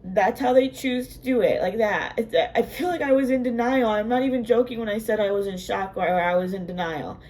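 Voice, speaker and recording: A woman's voice: on the high side, fairly quick, few pauses, a little mellow. A woman hosting a reaction video, talking casually and emotionally, repeating herself and trailing off mid-sentence. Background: show soundtrack music playing.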